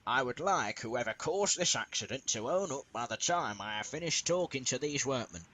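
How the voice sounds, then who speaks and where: A man's voice: medium pitch, expressive, moderate pace, sharp tone. A man voicing a stern but fair middle-aged railway boss in a fan-made story, formal in manner.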